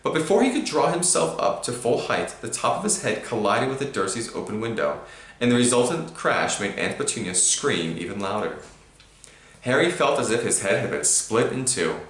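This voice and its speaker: A man reading a storybook aloud to a child, with animated emphasis. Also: mid-range voice, normal speed. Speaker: reader to a child. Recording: roomy echo.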